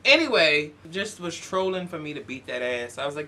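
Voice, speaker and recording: Young man, storytime vlog, sassy, profane, bright voice, upper pitch. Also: sing-song, moderate pace, slight background noise. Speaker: YouTuber.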